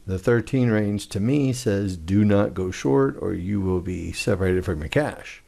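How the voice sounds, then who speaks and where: A man's voice: on the low side, gravelly, a little mellow. A man walking through a day-trading chart in a casual, conversational way, talking through each trade as he goes. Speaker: trading instructor. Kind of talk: screen-share trading walkthrough.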